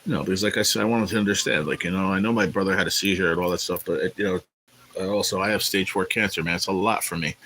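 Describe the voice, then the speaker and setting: A man hosting a casual live stream, rambling in a laid-back way and greeting viewers by name, sounding tired and low on energy. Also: steady tone, fast talker, a bit bright, a little hiss or hum, rough recording. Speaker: livestream host. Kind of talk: casual livestream chat.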